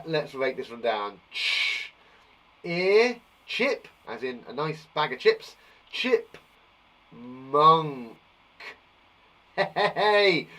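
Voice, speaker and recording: A British man leads a phonics lesson for young children, breaking words into sounds and praising every answer. His voice sits fairly high and swings widely in pitch. He takes his time, speaking slowly and deliberately. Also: pushed and bright. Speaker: teacher.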